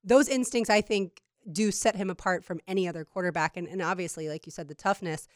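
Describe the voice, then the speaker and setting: Low-voiced woman discussing football. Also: a little fast, no room sound, clean studio sound. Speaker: sports show co-host. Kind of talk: casual sports analysis.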